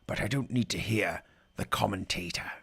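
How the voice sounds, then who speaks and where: A man's voice: on the low side, normal speed, creaky, fairly bright tone, slightly rough. A man giving irreverent live commentary in a mock pirate voice, dropping growling asides between jokes. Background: faint music from the broadcast feed.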